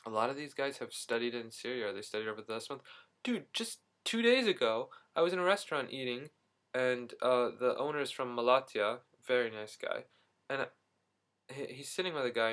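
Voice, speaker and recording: A young man vlogging from abroad, telling rambling travel stories with many asides and self-corrections, acting out the reactions of the people he met. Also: fairly low pitch. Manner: rambling, animated, acts out quoted reactions. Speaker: video diarist. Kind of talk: casual travel vlog storytelling. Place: Istanbul, Turkey.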